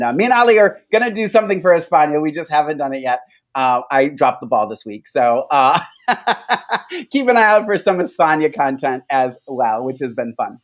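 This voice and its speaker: A man co-hosting a recap show, reading a scripted intro and then chatting loosely with many fillers and laughs. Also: a little high. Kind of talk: casual chat with scripted intro.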